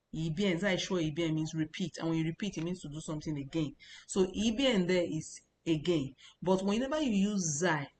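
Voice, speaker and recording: A woman's voice: lowish voice, slight background noise. A woman teaching a language lesson, explaining patiently and repeating points with casual fillers.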